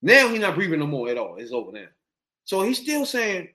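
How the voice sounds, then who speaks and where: A man's voice: high-pitched, fairly quick. A man telling a story in casual, profane, slangy chat and acting out what people said. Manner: animated, profane, slangy, acts out quotes.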